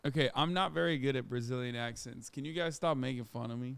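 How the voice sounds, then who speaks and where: A man's voice: medium pitch, fast, vocal fry, clear, resonant tone, dry recording. Casual, sarcastic male streamer. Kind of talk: casual live-stream commentary.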